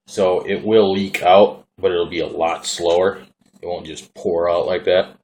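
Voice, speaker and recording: In his vlog, a Minnesota man with a Minnesotan accent casually demonstrates his vaping gear, laid-back and folksy as he rambles. His low, darkish voice stays fairly even and unhurried.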